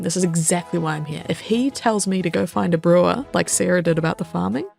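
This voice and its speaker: A woman casually narrating her gameplay in an excitable, chatty way. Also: lowish voice, vocal fry, faint music behind. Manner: excitable, chatty, quick laughs and gasps. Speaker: gaming vlogger.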